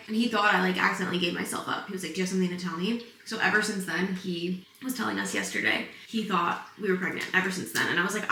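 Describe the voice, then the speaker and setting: A woman's voice: medium pitch, bright, forceful tone, slight background noise. A young woman chatting casually in a pregnancy vlog at home, tired and a bit breathless, telling stories in a bubbly, giggly way. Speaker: vlogger. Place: home, indoors. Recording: echoey room, mic a bit far.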